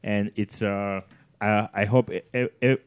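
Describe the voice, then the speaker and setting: A man from southern Egypt with an Egyptian accent, a studio guest on a talk show who speaks haltingly, searching for words and restarting often. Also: lowish voice, steady tone, smooth, no room sound. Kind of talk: casual chat. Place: live studio in front of an audience.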